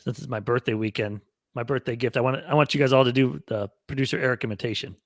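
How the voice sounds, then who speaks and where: A man's voice: mid-range voice, fast, no room sound, clean studio sound. A man co-hosting a radio show, chatting eagerly with his co-hosts. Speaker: radio co-host. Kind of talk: casual chat.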